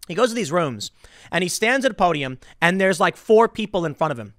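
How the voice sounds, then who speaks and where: A man giving opinionated political commentary in an animated, emphatic way, often repeating words. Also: sits high, a little fast, no room sound, clean studio sound.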